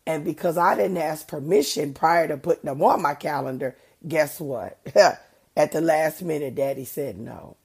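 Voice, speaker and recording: This faith-based podcast monologue comes from a middle-aged female host whose voice is low, gravelly, and slightly rough, moving a little slowly. She sounds earnest and chatty, stressing points like a preacher, and allergies leave her a touch stuffed up.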